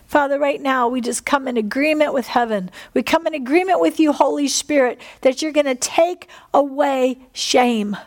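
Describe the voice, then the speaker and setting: A woman's voice: high voice, moderate pace, few pauses. A woman preaching and praying fervently to a congregation, repeating phrases and exhaling between lines. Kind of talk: sermon with prayer. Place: church service with congregation.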